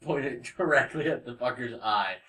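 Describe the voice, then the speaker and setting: Bright, giggly man in echoey room. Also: medium pitch, normal speed. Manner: rambling, full of "like" and giggles. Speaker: podcast co-host. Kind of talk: casual gaming chat, telling a game story. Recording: echoey room, distant mic.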